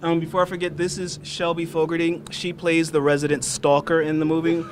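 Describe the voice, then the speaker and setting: A chatty, joking man with a fairly high voice introduces his castmates at a premiere. A busy crowd buzzes behind him outdoors. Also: monotone, fairly quick. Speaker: film cast member. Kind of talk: casual event interview. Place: outdoor red carpet premiere.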